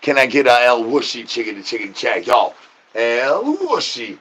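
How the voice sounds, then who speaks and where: A man doing an absurd comic rant, rambling nonsense and doubling words in a sing-song way, with catchphrases he drags out into a slow chant. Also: medium pitch, fairly bright tone, slight background noise.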